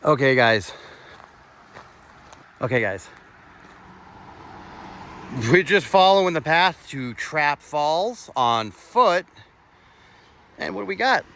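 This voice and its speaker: A man's voice: on the high side, sing-song, slow, creaky, long pauses, pushed and bright, a little hiss or hum. A man narrating a walking vlog outdoors on his phone, exclaiming in awe, now and then swearing and out of breath. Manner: exclaiming, awestruck, swears, talks to viewers. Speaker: vlogger exploring old bridges. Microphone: phone camera.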